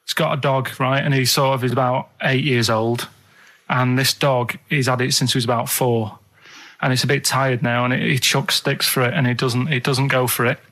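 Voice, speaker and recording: A man's voice: medium pitch, level tone, moderate pace, a bit bright. A man on a radio show, chatting casually and telling rambling, earnest stories.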